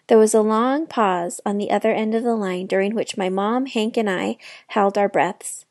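A woman reading a children's novel aloud with clear storytelling narration. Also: mid-range voice, moderate pace, a little mellow, dry recording, studio quality. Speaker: children's book reader.

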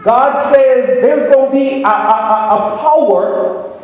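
A man with a Jamaican accent preaches on prophecy, leaning on each phrase and calling for amens. His voice sits very high and moves at an unhurried, deliberate pace. The sound carries a long reverb from a large church hall. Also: darkish tone, highs cut off. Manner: slow, emphatic, asks the congregation for amens. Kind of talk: prophecy sermon with call and response.

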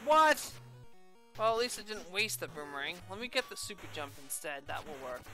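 A woman's voice: low voice, lively intonation, fast talker, bright, forceful tone, faint music behind. A woman doing let's play commentary, exasperated, swearing freely, with yelps and laughs. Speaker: video game streamer.

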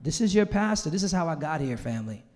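A high-voiced male pastor from Los Angeles preaches to his congregation, moving from quiet, tearful confession to shouted exclamation. His voice rings with a long reverb in a large church hall. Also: very animated, quick pace. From Los Angeles, USA. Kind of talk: sermon.

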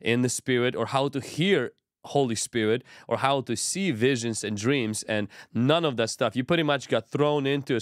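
A man hosting a livestream interview, summing up his guest's story in a measured, affirming way. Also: mid-range voice, no room sound, clean studio sound. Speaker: host.

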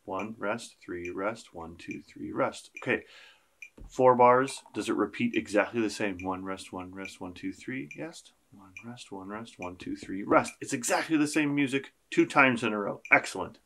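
A man's voice: lowish voice, moderate pace, fairly bright tone. A man teaching a beginner percussion lesson, counting beats aloud and joking with his students. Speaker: school band teacher.

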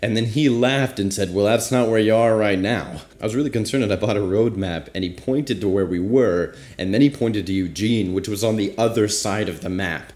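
A man's voice: on the low side, darkish tone. A young man casually telling a rambling, self-deprecating travel story as a vlogger. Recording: roomy echo.

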